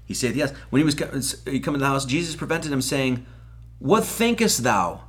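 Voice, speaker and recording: A man's voice: mid-range voice, fairly even intonation, fast talker. A man preaching a casual, conversational Bible-study sermon, acting out the quoted lines and swearing now and then.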